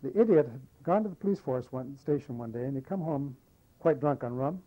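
An older man recounting wartime memories in an oral history interview, a lively storyteller who acts out the dialogue. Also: medium pitch, a little fast, highs cut off. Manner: lively anecdotal storyteller, animates quoted dialogue. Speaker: war veteran interviewee.

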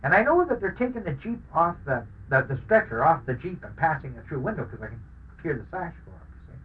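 A man's voice: on the high side, big pitch swings, quick pace, husky, narrow, tinny audio. An older man, a war veteran, telling his wartime story in an oral history recording, acting out the dialogue and chuckling as he goes. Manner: anecdotal, acts out dialogue, chuckles.

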